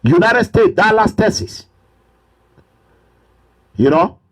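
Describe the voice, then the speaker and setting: High-voiced Nigerian man ranting. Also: big pitch swings, slow. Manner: preachy and repetitive, swings into shouting. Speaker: political commentator. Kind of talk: impassioned political monologue.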